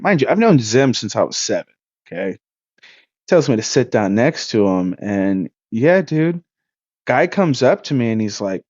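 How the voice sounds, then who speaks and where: A young man in his twenties, co-hosting a podcast and telling a story in a loose, profane, animated way. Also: medium pitch, normal speed, no room sound. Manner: animated, profane, swings his voice up when excited. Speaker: podcast co-host. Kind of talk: casual storytelling. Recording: dull, dry lo-fi sound.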